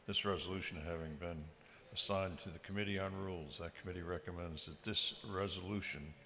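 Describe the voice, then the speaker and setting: A man serving as clerk, reading a formal caption rapidly in a clipped monotone, heard from a distance. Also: low voice. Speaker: legislative clerk. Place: large legislative chamber. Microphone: distant from the mic. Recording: distant voice with faint room ambience.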